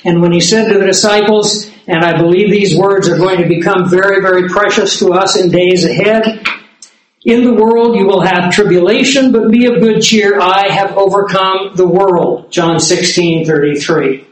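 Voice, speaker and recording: Male preacher, deliberate and emphatic Bible teaching, recorded with heavy room echo. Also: high voice. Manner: measured, emphatic Bible exposition with fillers. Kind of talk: sermon teaching.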